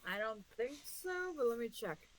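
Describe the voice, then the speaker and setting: A woman's voice: on the high side, very animated, normal speed, rough recording. A woman playing a tabletop game, hesitant and restarting her sentences as she checks her options. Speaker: player. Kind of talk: casual tabletop play.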